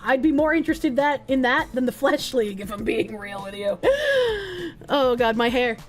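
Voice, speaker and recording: A woman's voice: high-pitched, sing-song, moderate pace, soft background music. A woman streamer chatting casually and reading viewer comments, rambling and joking, often laughing and swearing.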